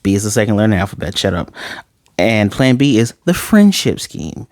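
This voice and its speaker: A man casually reviewing an anime episode, joking asides and quickly paraphrasing the characters' lines. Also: on the low side, very animated, dry recording, studio quality. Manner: chatty, joking asides, paraphrases scenes in quick quoted voices. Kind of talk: casual spoken episode recap.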